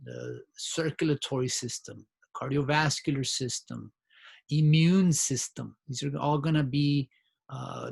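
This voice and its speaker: A man's voice: fairly high pitch, creaky. A man teaching a biology review lecture in a conversational way, often checking in with his students and restarting his phrases. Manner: conversational, frequent "right?" check-ins and restarts. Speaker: biology instructor. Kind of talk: recorded lecture.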